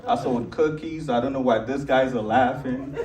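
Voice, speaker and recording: A young man with a Nigerian accent doing a stand-up comedy set, animated and jumping into a high voice for acted quotes. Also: moderate pace, crowd noise. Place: large theater stage with live audience. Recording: roomy theater sound, distant mic, loud audience laughter.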